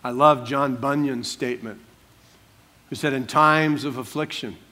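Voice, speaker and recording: A man preaching a sermon, swinging from soft hushed asides to loud, drawn-out emphatic declarations. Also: mid-range voice, fairly even intonation. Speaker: pastor.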